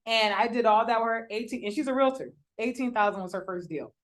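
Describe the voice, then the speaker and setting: A woman's voice: on the high side, a little fast. A woman teaching real estate wholesaling at a live workshop, talking casually with slang and acted-out quotes of the people she deals with. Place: room with a live audience.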